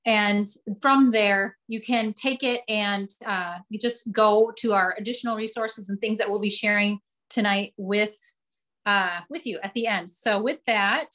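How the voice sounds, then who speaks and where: A woman in her forties hosting an online class, talking earnestly and warmly with frequent restarts. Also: medium pitch. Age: 40s. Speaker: host. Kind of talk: casual class chat.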